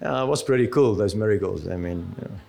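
A man's voice: lowish voice, lively intonation, fast talker, gravelly, a little mellow, pitched below the performer's own voice. A male preacher voicing a boastful biblical teacher who brags offhandedly about his own miracles. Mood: smug. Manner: offhand bragging tone.

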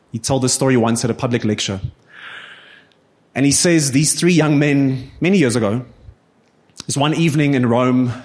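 A man preaching a sermon, telling a story earnestly and addressing his listeners as guys. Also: a little high.

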